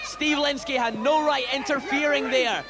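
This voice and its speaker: A man giving excited wrestling play-by-play commentary, shouting and going hoarse. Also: very high voice, normal speed. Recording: loud crowd and music behind.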